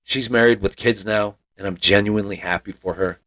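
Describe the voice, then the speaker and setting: A man's voice: lowish voice, fairly even intonation, a little fast, fairly bright tone. A man in his forties from Montana, telling a personal story as a podcast host in a reflective, wry, self-deprecating way.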